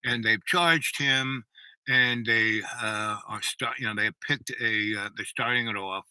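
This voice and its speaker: A man's voice: fairly low pitch, measured pace, pushed and bright, smooth, dry recording, rough recording. A man voicing a folksy small-town police chief, matter-of-fact and casual. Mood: offhand.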